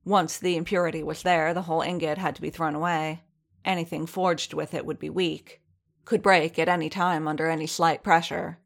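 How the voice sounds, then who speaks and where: A woman narrating fan fiction in a steady, measured way. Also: low-pitched, creaky.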